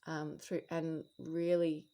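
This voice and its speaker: A woman giving a casual late-night monologue as a spiritual vlogger, rambling and reflective with lots of fillers and restarts, sometimes dropping into soft whispered asides. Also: low voice, little pitch movement, slow pace.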